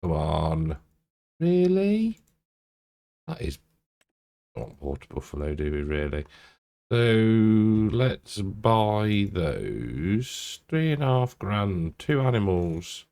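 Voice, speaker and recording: A man's voice: on the low side, sing-song, slow pace, vocal fry, dark tone. A man giving casual, rambling commentary while playing a farming game, often chuckling to himself. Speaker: gaming YouTuber.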